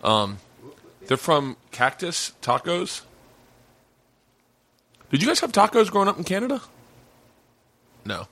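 A man's voice: on the high side, unhurried, long pauses. A man hosting a podcast, chatting casually and telling stories with lots of swearing and acted-out quotes. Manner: animated storyteller, swears freely, acts out quotes loudly. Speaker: podcast host. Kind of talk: casual chat. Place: home mancave.

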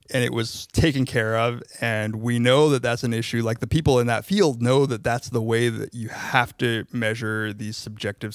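A man's voice: mid-range voice, creaky, no echo, clean studio sound. A man co-hosting a podcast, explaining social psychology research in casual academic chat, with frequent "like"s and restarts.

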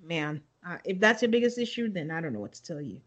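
A woman's voice: lowish voice, sing-song, fast, muffled recording. A woman co-hosting a podcast in casual chat, giving blunt, exasperated opinions and laughing along. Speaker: podcast co-host.

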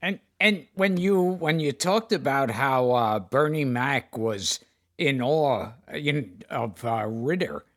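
A man co-hosting a casual interview, telling a story in a halting way with repeated words. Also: mid-range voice, expressive, a bit bright. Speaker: podcast co-host.

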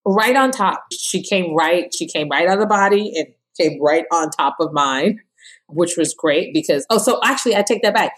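A woman in her thirties, a podcast guest, telling her birth story with animated, laughing quotes. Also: fairly low pitch, normal speed.

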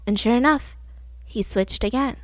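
A woman's voice: a little high, normal speed, no echo. A woman co-hosting a podcast, telling a true-crime story casually, filler-heavy and acting out the quotes. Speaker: podcast co-host.

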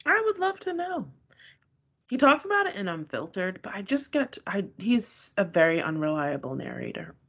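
A woman's voice: medium pitch, big pitch swings, normal speed, a bit bright, husky. A woman co-hosting a podcast, talking bluntly and with exasperation, with some swearing. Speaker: podcast co-host. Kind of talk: casual recap chat.

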